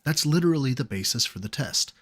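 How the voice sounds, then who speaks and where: A man narrating a video essay in a measured, formal, mock-academic scripted delivery. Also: mid-range voice, expressive, background noise.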